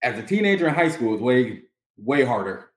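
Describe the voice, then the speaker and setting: Animated guy hosting a podcast, laughs a lot, echoey room. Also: mid-range voice, fairly quick. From North Carolina. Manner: animated storyteller, acts out voices, laughs often. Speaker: podcast host. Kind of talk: casual chat.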